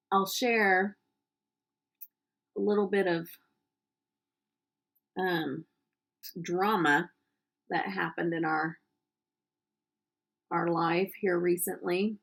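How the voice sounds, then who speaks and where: Middle-aged woman vlogging her makeup, low gravelly voice, rambly story with lots of ums. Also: steady tone, takes it slowly, pauses often. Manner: chatty storytelling with many ums. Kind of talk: casual chat while doing makeup.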